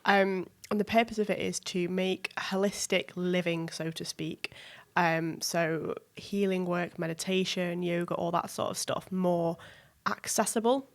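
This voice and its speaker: A woman guest in a podcast interview, talking in an excited, chatty way with lots of fillers. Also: lowish voice, measured pace, vocal fry, few pauses. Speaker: guest, event organiser. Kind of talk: casual interview chat.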